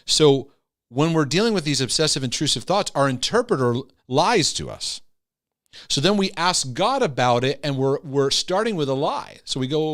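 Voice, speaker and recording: A man's voice: fairly high pitch, expressive, normal speed, fairly bright tone. Conversational middle-aged man teaching. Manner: conversational, acts out voices with tag questions. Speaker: Christian teacher on anxiety and OCD. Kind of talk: casual teaching talk.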